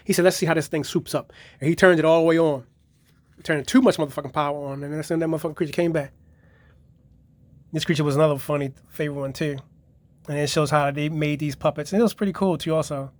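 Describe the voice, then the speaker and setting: Profane, rambling man with a high voice. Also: fairly even intonation, fast talker, darkish tone. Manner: profane, rambling retelling of episodes. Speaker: collector reviewing his DVD collection. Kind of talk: casual video review.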